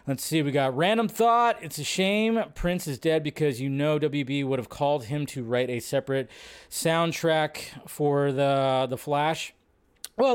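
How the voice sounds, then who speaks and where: A man's voice: medium pitch, clean tone. Chatty man hosting a livestream. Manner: chatty, greets viewers and reads chat aloud; talks to himself while fixing his setup. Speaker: livestream host. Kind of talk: casual live-stream chat.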